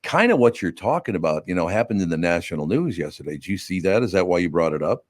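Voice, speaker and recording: Male talk-podcast host, lowish voice, gruff, opinionated, dry booth sound. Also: very animated, fast, dry recording. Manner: gruff, opinionated, reads news stories aloud. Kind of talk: casual talk-show banter.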